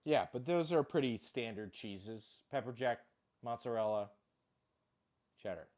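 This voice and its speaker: A man's voice: medium pitch, expressive, measured pace, a little mellow. Home-cook vlogger, male, loose and self-deprecating, casual profanity. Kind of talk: casual kitchen chat.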